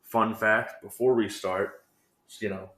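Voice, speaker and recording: A man's voice: on the low side, steady tone, a little slow, fairly bright tone. A man co-hosting a movie podcast, chatting casually and rambling as he laughs and acts out scenes. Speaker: returning podcast co-host. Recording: echoey room.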